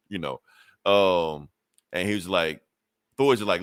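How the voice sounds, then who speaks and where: A man with a lowish voice, talking loosely through a comic recap on a podcast. He swears freely and circles back with fillers and restarts. The sound is dry and close, with no room around it. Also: lively intonation, moderate pace, fairly bright tone, no echo. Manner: rambling, profane, full of fillers and restarts. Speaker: podcast host. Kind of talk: casual comic book recap.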